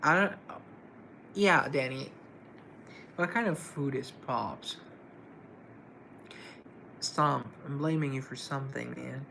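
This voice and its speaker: Live stream host, male, gravel in the voice, chatty and easygoing with viewers, faint hiss behind him. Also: medium pitch, slow, pauses often, pushed and bright, low-quality recording. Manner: chatty, greets viewers and answers chat comments. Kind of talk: casual live stream chat.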